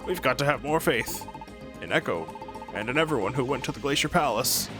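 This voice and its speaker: A man's voice: medium pitch, lively intonation, brisk, over music. A man co-hosting a let's play, reading game dialogue aloud with earnest drama.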